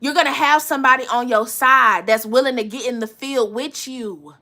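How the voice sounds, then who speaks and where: A woman's voice: on the high side, normal speed, sharp tone. A woman giving a live tarot reading to her viewers, casual and slangy, swearing often and breaking into laughter. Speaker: tarot reader.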